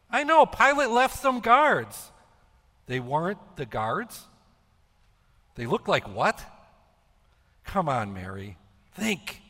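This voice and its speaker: A man acting out a guilt-ridden middle-aged apostle in a stage monologue, with a high, tense voice. He talks slowly, with agitated, halting questions and much self-reproach. A long reverb from a big hall hangs on every word. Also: bright, forceful tone, exaggerated voice. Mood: agitated, questioning. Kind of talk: dramatic monologue.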